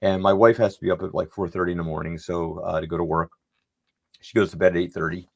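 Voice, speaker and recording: A man's voice: low-pitched, fairly even intonation, fast talker, creaky. A middle-aged man telling a long, rambling story on a podcast and acting out the dialogue as he goes. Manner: rambling, anecdotal, acts out quoted dialogue. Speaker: podcast panelist. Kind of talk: casual storytelling.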